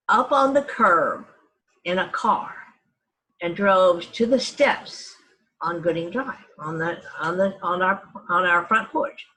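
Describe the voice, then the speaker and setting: A woman's voice: lowish voice, bright, forceful tone, rough recording. An older woman from Texas reminiscing about her childhood family, meandering through her memories with frequent restarts and self-corrections. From Dallas, Texas. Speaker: family storyteller. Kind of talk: reminiscing oral history.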